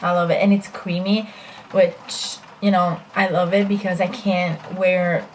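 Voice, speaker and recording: A woman's voice: on the low side, level tone, a little slow, a little hiss or hum. A young woman chatting casually through a makeup tutorial as a beauty vlogger, self-deprecating and full of fillers.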